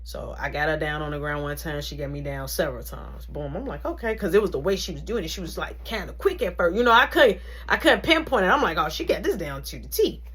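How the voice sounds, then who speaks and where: A woman recounts a story in a casual vlog style. Her voice sits slightly low but leaps up sharply when she gets animated, and her phrasing is loose and slangy. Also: fast, hardly any pauses, breathy edge. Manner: animated, slangy storytelling with big pitch swings. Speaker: vlogger telling a story.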